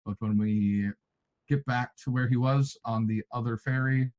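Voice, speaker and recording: A man's voice: medium pitch, steady tone, darkish tone, low-quality recording. Easygoing man recapping game lore. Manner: easygoing, measured recounting. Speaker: player recounting the story lore. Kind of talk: storytelling recap in a voice chat.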